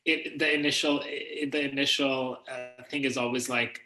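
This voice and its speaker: A man from India, an actor telling stories in a casual interview, animated and self-deprecating. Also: mid-range voice, normal speed, echoey room, rough recording. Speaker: actor guest.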